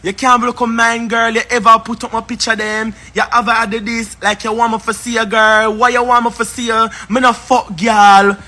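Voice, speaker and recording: A man's voice: very high voice, little pitch movement, normal speed, few pauses, bright, forceful tone, soft background music. A man with a Jamaican accent, ranting on a live stream in a confrontational, repetitive, scornful way. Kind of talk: heated live-stream rant.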